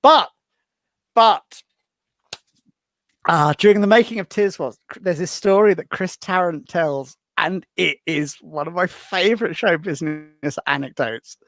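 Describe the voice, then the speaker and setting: A man with a high-pitched voice speaks a little slowly, recorded with no room sound. He's an author appearing as a podcast guest, telling anecdotes in a casual chat. He's a lively storyteller who keeps restarting his sentences as he goes.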